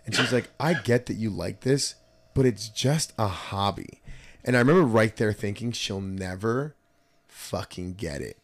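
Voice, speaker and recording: A man hosting a casual podcast, telling profane personal stories with lively retold dialogue. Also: medium pitch, normal speed, slight background noise. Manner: storytelling, profane, animated retelling. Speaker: podcast host. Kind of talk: casual chat.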